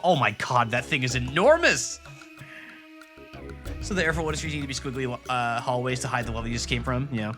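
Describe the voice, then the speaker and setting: A man's voice: mid-range voice, brisk, a bit bright. Rambling man streaming a game. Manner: rambling, filler-heavy, joking. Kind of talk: casual let's-play commentary. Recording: game music behind voice.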